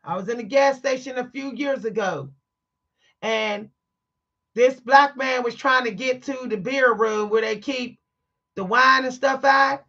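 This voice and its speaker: A woman's voice: high-pitched, a bit bright, muffled recording. A woman telling a story to her viewers in a blunt, emphatic, preachy way, stressing her words. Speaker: vlogger. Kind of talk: candid storytime monologue to viewers.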